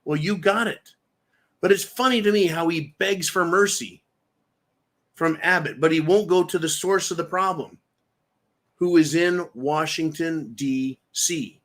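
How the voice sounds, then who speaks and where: A man's voice: on the high side, measured pace, a bit bright. A man hosting a political livestream in a ranting, mocking way with crude insults. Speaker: livestream host.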